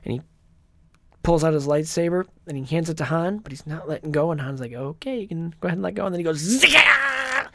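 A podcast co-host casually recapping a film plot, tossing in quick character impressions. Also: medium pitch, dark tone, slight background noise.

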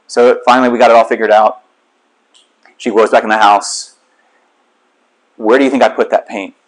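A man speaks as a lay teacher, opening a sermon with a candid, conversational story. His voice sits at a medium pitch, and his delivery is plain and unpolished. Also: poor audio.

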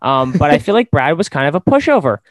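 A man's voice: on the high side, very animated, fast, no echo. A man hosting a casual sports podcast, rambling and opinionated, with lots of fillers. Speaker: podcast host.

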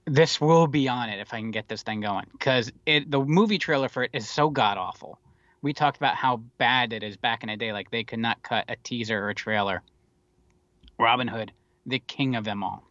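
Wry rambling man, bright dull-toned sound. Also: medium pitch, normal speed, no echo. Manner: rambling, wry and profane, with many fillers. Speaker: podcast co-host. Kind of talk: casual movie chat.

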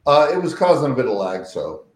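An American man co-hosting a casual podcast chat over a video call, enthusiastic and quick to repeat his praise. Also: mid-range voice, very animated, echoey room, slight background noise, poor audio. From United States.

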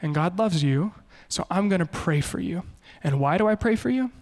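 Animated man preaching in a reverberant hall. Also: high voice, moderate pace. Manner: animated, shifts into quoted voices. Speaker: pastor. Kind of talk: sermon.

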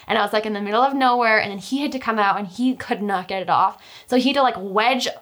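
A woman's voice: medium pitch, quick pace, a bit bright. A young woman telling a personal story in casual chat, talkative, with many fillers and restarts. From Utah, US.

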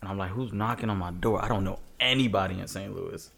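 A man, a truck driver, telling road stories in casual podcast chat, animated and laughing. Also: low voice, quick pace, vocal fry.

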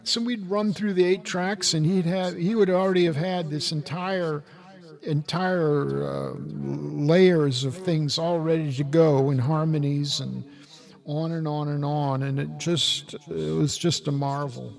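An older man co-hosting a casual chat, rambling and halting with wry grumbles. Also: on the high side, steady tone, gravelly, a little mellow. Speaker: musician and podcast co-host.

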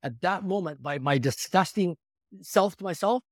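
A man in his fifties, a podcast guest telling his story with energetic, animated delivery. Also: sits high, moderate pace, no echo, clean studio sound. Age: 50s. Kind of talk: storytelling in conversation.

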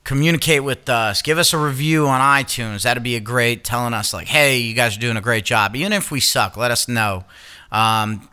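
A man's voice: mid-range voice, normal speed, bright, forceful tone, clean tone. A young man co-hosting a casual podcast, chatting loosely and swearing freely. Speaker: podcast co-host. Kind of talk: casual chat.

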